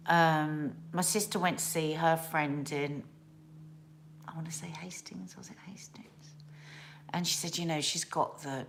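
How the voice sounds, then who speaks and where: A woman's voice: low voice, a bit bright, a little hiss or hum. A middle-aged woman from England hosting a live stream at home, chatting casually and rambling through viewer comments. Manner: chatty, rambling, with restarts and asides. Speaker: host of a family live stream.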